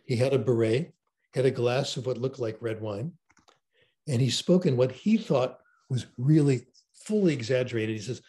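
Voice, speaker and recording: Animated older man telling stories. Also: mid-range voice, moderate pace. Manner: enthusiastic storyteller, animated. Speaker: interview guest. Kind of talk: conversational interview.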